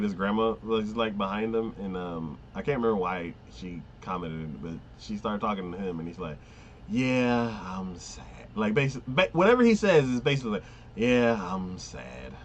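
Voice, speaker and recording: Rambling man with a low voice. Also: animated, normal speed, a little hiss or hum. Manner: rambling, filler-heavy, laughs often, acts out quotes. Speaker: anime podcast host. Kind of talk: casual chat recapping an anime.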